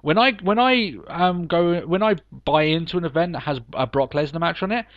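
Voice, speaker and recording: A man's voice: on the high side, brisk, no echo, lo-fi sound. A man co-hosting a podcast, chatting casually and emphatically, laughing often. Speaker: podcast co-host. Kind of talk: casual wrestling review chat.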